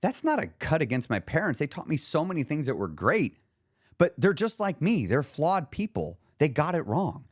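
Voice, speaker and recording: His voice is on the high side with huge pitch swings, delivered at a normal speed in a dry, clean studio recording. He's a weight-loss coach hosting a podcast, telling stories casually and motivationally and swearing from time to time.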